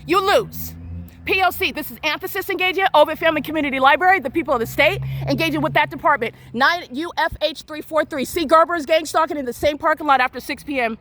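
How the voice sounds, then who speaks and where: A woman's voice: high voice, fairly bright tone, a little hiss or hum. A woman filming herself in public, delivering an accusatory, repetitive rant as confrontational self-filmed commentary. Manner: accusatory, repetitive, rapid ranting.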